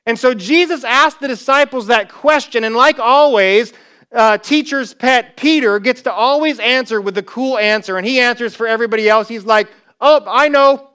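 A man preaches a sermon in a lively storytelling manner, acting out the quoted lines as he goes. His voice sits high and sounds bright and forward. It comes through clean and smooth. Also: moderate pace. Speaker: pastor.

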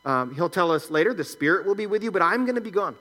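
A man's voice: high voice, animated, fast talker, bright, forceful tone. A man preaching a sermon, reading scripture aloud and explaining it in a conversational teaching manner. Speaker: pastor.

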